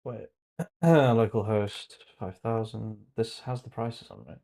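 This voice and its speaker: A man's voice: lowish voice, slow, gravelly, warm tone. A man hosting his channel's livestream in casual chat, joking and laughing at his own jokes. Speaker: channel host.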